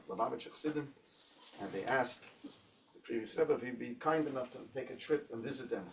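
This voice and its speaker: A man's voice: medium pitch, vocal fry. A man teaching an informal Torah class as a rabbi, telling stories in a conversational way with many fillers and Hebrew terms. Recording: distant mic with faint noise.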